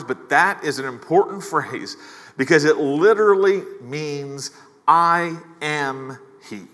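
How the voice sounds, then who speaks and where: A man's voice: mid-range voice, bright, forceful tone, long reverb tail. A male pastor preaching a sermon in a conversational way, with casual asides and key phrases repeated. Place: church.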